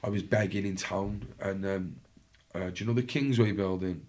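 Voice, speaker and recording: Cardiff guy on a podcast, kinda low voice, swears a lot, blunt storytelling, does everyone's voices. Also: normal speed, a little mellow. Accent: Welsh, Cardiff. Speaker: podcast guest. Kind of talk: casual storytelling.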